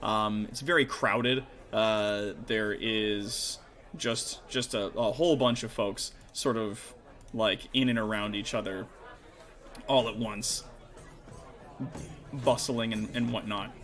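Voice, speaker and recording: A man's voice: on the low side, steady tone, takes it slowly, fairly bright tone, a faint crowd. A man narrating as game master in a casual, rambling way, full of fillers.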